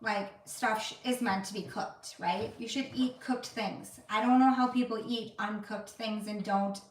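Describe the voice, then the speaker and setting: A woman's voice: medium pitch, fairly even intonation, a little slow. A woman with a Wisconsin accent, chatting casually and laughing at herself as co-host of a family live stream. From Wisconsin, USA. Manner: chatty, giggly, self-deprecating. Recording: echoey room, distant mic.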